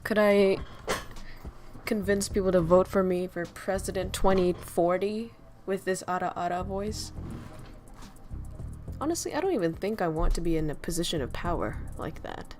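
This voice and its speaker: A woman VTuber streamer with a soft, soothing voice who chats casually and reflectively, reading viewers' messages aloud and joking with them. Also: fairly low pitch. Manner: slow, reflective, reads chat aloud and jokes. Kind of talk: casual livestream chat. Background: faint lo-fi music.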